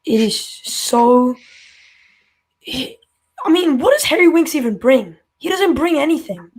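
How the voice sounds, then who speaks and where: A male caller to a fan show rants in an exasperated way, his very high-pitched, very animated voice jumping up whenever he gets worked up. He speaks at a slow pace.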